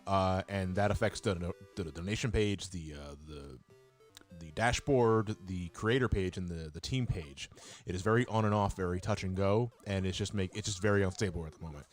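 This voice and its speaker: A man hosting a charity live stream, explaining things in a rambling, halting way with many fillers. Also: low-pitched, faint music behind. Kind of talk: casual live-stream talk. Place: room with a multi-mic radio-style setup.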